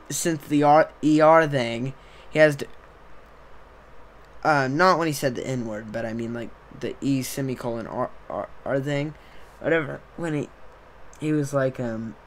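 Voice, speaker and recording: A man's voice: a little high, slight background noise. A young man hosting a podcast, talking in a rambling, casual monologue that keeps trailing off and restarting. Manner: rambling, trailing off, self-interrupting. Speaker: podcast host.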